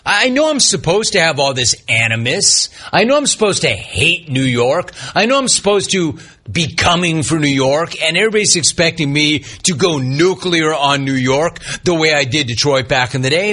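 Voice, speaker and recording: Man, sports radio host, husky bright voice, big swinging pitch, animated talk. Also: normal speed. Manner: animated, swooping pitch, mocking impressions.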